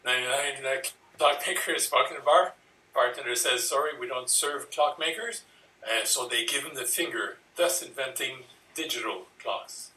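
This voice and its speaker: Improv guy, bright voice, far off the mic in an echoey room. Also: mid-range voice, moderate pace, a little hiss or hum. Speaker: improv performer. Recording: roomy, distant mic.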